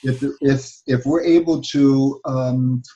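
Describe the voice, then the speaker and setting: A man who works as a couples therapist, explaining calmly in a casual advice chat, measured and full of small fillers. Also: mid-range voice. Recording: slightly dull lo-fi sound.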